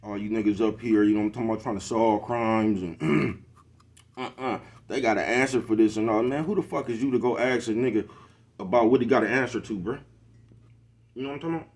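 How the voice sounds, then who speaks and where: A man's voice: fairly low pitch, fairly quick, a little mellow. A middle-aged man, giving a preachy casual monologue to camera and constantly asking if you know what he's talking about. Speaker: social media commentator.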